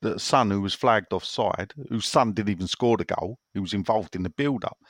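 A man co-hosting a casual football podcast, opinionated and animated as he reads listener messages. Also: fairly low pitch, moderate pace, dry recording, clean studio sound. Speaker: podcast co-host.

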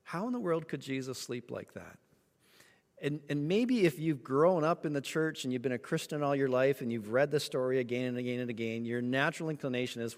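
A man preaching a sermon, telling a story with lively acted-out moments. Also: medium pitch, brisk, big-room sound. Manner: animated storytelling, acts out voices. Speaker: pastor.

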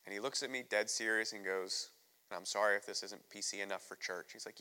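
A man's voice: fairly low pitch, fairly even intonation, a little fast, pushed and bright, clear, resonant tone. A man from the United States preaching a candid, emotional sermon as a visiting missionary in a church sanctuary. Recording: long reverb of a church hall.

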